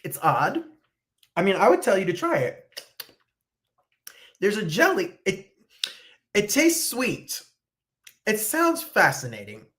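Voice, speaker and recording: Animated New Jersey woman chatting casually. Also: medium pitch, slow, pauses often. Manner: animated, chatty, rambling storytelling. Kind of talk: casual chat while eating on camera.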